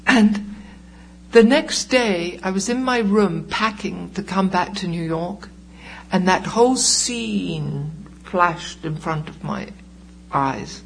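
An older woman gives personal testimony at a recovery meeting. She tells it slowly and deliberately, acting out the voices in her story, and a faint hum sits under her voice. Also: on the low side, vocal fry, low-quality recording. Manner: vivid, deliberate storytelling with acted-out quotes. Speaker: recovering alcoholic sharing at a meeting.

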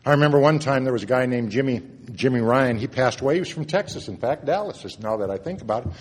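A man sharing a personal recovery story at a meeting, earnest, moving between loud and hushed moments. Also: mid-range voice, animated, fast, husky. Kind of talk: personal testimony talk. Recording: long reverb of a hall.

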